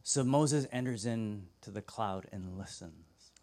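A young man preaching a sermon, telling stories with lively acted-out voices and sudden drops to a hushed tone. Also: fairly low pitch, takes it slowly. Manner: animated storytelling, acts out voices, drops to a hush. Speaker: pastor.

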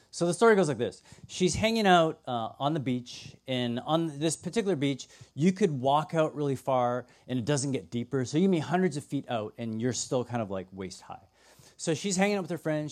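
Animated young male preacher telling stories. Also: medium pitch. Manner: animated storytelling, acts out voices, drops to a hush. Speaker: pastor. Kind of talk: sermon.

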